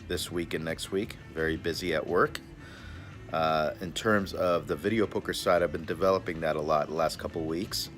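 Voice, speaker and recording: This man's deep voice has a fairly bright tone. He's reviewing a cigar for a casual vlog, relaxed and talkative, and he often calls himself by his own nickname in the third person. The recording happens outside in a backyard.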